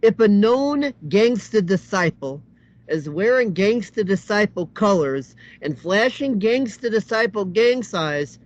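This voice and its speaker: A man cracking deliberate one-liners in casual chat on an online call. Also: high-pitched, lively intonation. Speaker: participant in an online hangout. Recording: dull call audio.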